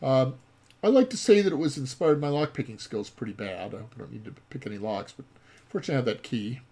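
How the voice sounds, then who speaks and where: A game designer plays his own game and gives let's play commentary, rambling with plenty of ums and uhs. His mid-range voice has lively intonation and a dark tone, and he talks fast.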